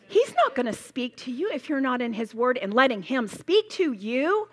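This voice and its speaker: A woman teaching a women's Bible study in a slightly high voice. She speaks emphatically and passionately, acting out small demonstrations as she goes. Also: normal speed, few pauses. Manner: passionate, emphatic, animated storytelling with role-played demos.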